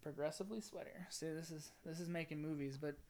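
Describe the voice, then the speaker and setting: A man's voice: a little high, fast talker, crowd noise. Young adult man, loose and chatty, keeps restarting his lines and cracking jokes. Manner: rambling, self-correcting, joking. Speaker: job seeker recording a video resume. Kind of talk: casual chat between rehearsed takes.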